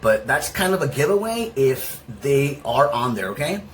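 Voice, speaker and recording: A man talks to his viewers in a loose, rambling vlog, stumbling over fillers and restarting his sentences. His voice is still on the mend. His pitch swings widely, leaping up and dropping down as he goes. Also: big pitch swings, moderate pace, slight background noise, rough recording. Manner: affectionate toward viewers. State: voice still recovering. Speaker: channel host. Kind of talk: casual vlog talk to viewers.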